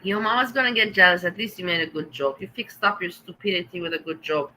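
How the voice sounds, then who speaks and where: A middle-aged woman with a German accent talks on a casual livestream, answering her chat directly. Her voice is bright and forward, and her manner is sarcastic and teasing, with blunt jabs at the viewers she addresses. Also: on the low side, fast, poor audio. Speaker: livestream host reading chat.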